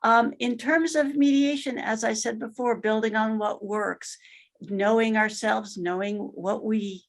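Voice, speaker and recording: A woman mediator presenting in a webinar, speaking in a measured way with some fillers. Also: on the high side, steady tone. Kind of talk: webinar talk.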